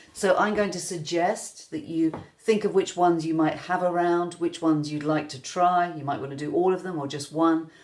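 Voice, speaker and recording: A woman music teacher giving an online rhythm lesson, explaining patiently step by step to viewers at home. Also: deep voice. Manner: gentle, patient step-by-step instruction.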